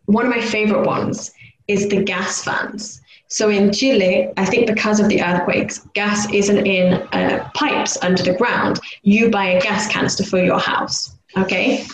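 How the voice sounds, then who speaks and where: A young woman from the UK co-hosting a casual podcast chat, animated and loud when she imitates street sounds. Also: medium pitch, measured pace. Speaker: podcast co-host. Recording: echoey room, faint background noise.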